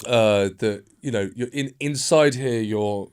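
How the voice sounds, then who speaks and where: A man's voice: mid-range voice, measured pace, darkish tone, smooth. A man hosting a podcast, asking long, hesitant, rambling questions with frequent restarts. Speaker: podcast host, comedian. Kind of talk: casual interview chat.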